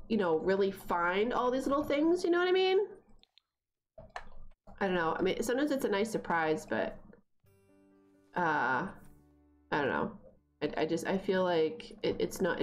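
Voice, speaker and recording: A young woman streams a life-simulation game, keeping up a loose running commentary and bossing her characters around. Her pitch swoops widely as she talks, and she breaks into sudden excited squeals. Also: a little hiss or hum. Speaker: gaming streamer. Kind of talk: casual gameplay commentary.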